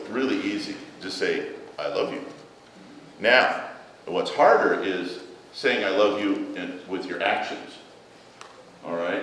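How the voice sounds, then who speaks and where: Brief: lower-voiced man, children's story time in church, heard from afar in a big echoey hall with room noise. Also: far from the mic. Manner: gentle storytelling to children, asking questions. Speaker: church children's message leader.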